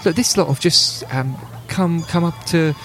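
A man voicing a warm, rambling mother in a tabletop game, speaking higher than his own voice. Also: unhurried, faint music behind. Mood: reassuring. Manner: rambling, soothing. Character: fussy, warm local mum.

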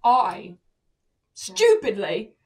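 A woman's voice: mid-range voice, wildly swooping pitch, very slow, darkish tone, distant mic. A young woman, a podcast co-host, telling a story in casual chat and acting out the quotes, with frequent swearing. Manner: chatty storyteller, acts out quotes, swears often.

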